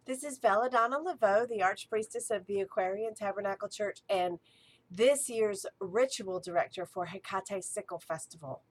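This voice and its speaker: Woman, archpriestess type, eager and chatty in a casual teaching talk, mid-range pitch. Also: moderate pace. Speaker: archpriestess and ritual director.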